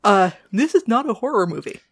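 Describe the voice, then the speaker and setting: A woman with a New England accent, chatting as a podcast co-host. Her tone is wry and easygoing, and her pitch sits in the middle of her range. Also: a little fast, breathy edge. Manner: relaxed, wry, introduces the episode. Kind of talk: casual podcast chat.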